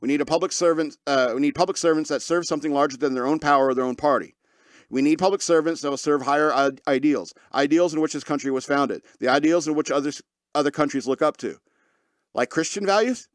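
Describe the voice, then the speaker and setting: Recorded dry in a clean studio, a podcast host with a voice on the high side talks fast. He riffs sarcastically on news stories in casual comedic commentary, laughing often in the middle of his sentences.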